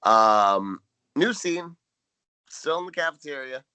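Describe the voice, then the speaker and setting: A man co-hosting a casual podcast, recapping episodes with wry, deadpan humor. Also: mid-range voice, slow pace, smooth, no room sound. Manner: dry, wry storytelling, deadpan jokes. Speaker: podcast co-host.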